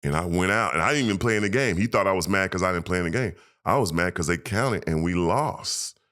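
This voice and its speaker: A man, a former pro basketball player, telling emotional, animated stories as a podcast guest and acting out quoted voices. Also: deep voice, quick pace. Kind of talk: casual storytelling interview.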